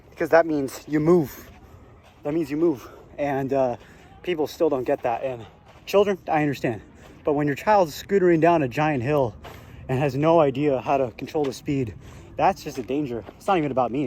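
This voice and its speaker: A man's voice: mid-range voice, a little mellow, slight background noise. Breathless young man vlogging mid-run. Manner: rambling, swears freely. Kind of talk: casual vlog talk while running. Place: outdoor hilly public trail.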